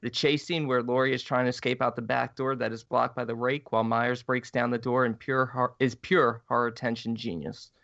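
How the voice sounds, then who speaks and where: A man co-hosting a podcast in casual chat, blunt, quick to swear, and often laughing. The sound is dry and a bit dull. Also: mid-range voice, little pitch movement, creaky, a bit bright, dry recording. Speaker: podcast co-host. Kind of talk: casual chat and reading listener email.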